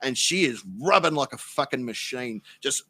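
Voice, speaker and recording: Bright-voiced Australian man telling stories. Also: medium pitch, normal speed, no echo. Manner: animated, profane anecdote-telling. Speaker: podcast guest. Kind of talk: casual storytelling.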